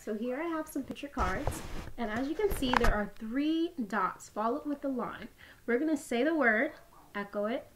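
A young woman teaching a phonics lesson to young children, with an encouraging sing-song manner. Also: a little high.

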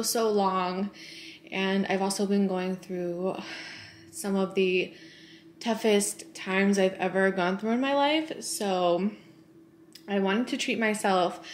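Speaking at a fairly high pitch, this young woman in her twenties chats bubbly to camera in a casual lifestyle vlog about beauty and lifestyle. There's slight background noise, an echoey room, and faint ambience.

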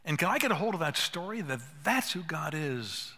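A man's voice: fairly high pitch, very animated, moderate pace, sharp tone. An older man giving an earnest teaching talk at a conference, emphatic and acting out bits of dialogue. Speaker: conference speaker. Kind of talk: teaching talk to a live audience. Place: conference hall. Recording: hall reverb.

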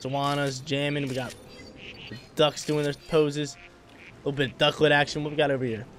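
A young man giving casual, excitable gameplay commentary full of slang, talking to the creatures on screen. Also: on the high side, fairly quick, slight background noise. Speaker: gaming channel host.

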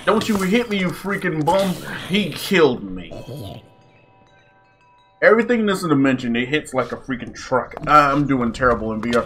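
A young man giving casual gameplay commentary, yelping and shouting in panic, then muttering nervously between scares. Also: on the high side, big pitch swings, moderate pace. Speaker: gaming YouTuber.

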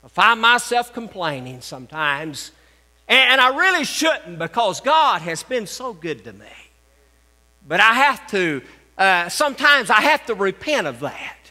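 A man's voice: sits high, pushed and bright, long reverb tail. An older man, a grandfather and pastor, preaching a sermon in a folksy, joking way, repeating his key phrases. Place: church sanctuary.

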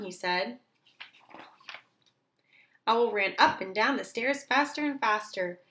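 Woman reader, children's read-aloud, clear and expressive, gentle pacing. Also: mid-range voice. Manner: slow, clear and expressive for young listeners.

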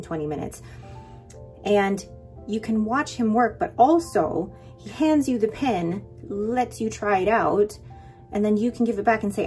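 A young adult woman vlogging in a chatty, excited way, rambling with quick asides as she shows her haul. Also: medium pitch. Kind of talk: casual haul vlog.

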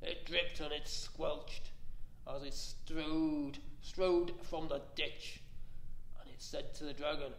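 A man reading a rhyming picture book aloud in a slow, rhythmic delivery. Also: a little high, little pitch movement, a bit bright, roomy sound, rough recording. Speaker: library staff reader.

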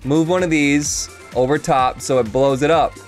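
A man's voice: on the high side, normal speed. A man hosting his own gaming channel, chatting jokily through a let's play. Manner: excitable, jokey, chatty with the game. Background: game music.

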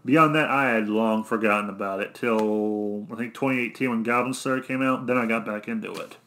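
A young man from Arkansas with an Arkansan accent, rambling through a solo rant in a monotone, blunt and cynical, often correcting himself. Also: fairly low pitch, fairly quick, slight background noise. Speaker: vlogger.

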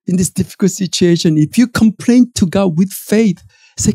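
A male pastor with a Korean accent preaching a sermon in a church, emphatic and animated, with frequent fillers and restarts. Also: high-pitched, moderate pace, slightly rough, no room sound. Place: church auditorium.

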